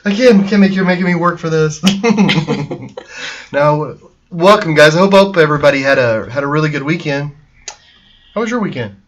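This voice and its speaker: A man's voice: fairly high pitch, moderate pace, slight background noise. Chatty man hosting from his art studio. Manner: rambling, many fillers and restarts. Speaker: painter and host. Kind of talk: casual studio chat.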